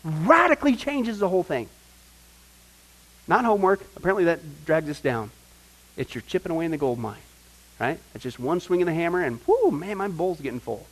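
A man preaching a sermon to a group, animated, often asking his listeners questions and acting out the people he quotes. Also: a little high, fairly quick, rough recording. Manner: animated, acts out quoted voices, asks the audience questions. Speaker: pastor teaching a Bible study.

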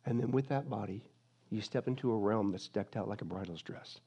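A male pastor preaching a sermon in a lively, joking manner, swinging from loud to hushed. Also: on the low side, brisk, husky.

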